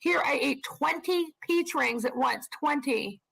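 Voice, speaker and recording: A woman co-hosting a live stream, telling frank, animated personal stories and swearing for emphasis. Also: high-pitched, measured pace, creaky, rough recording. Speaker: co-host of a live stream channel. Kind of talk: casual storytelling on a live stream.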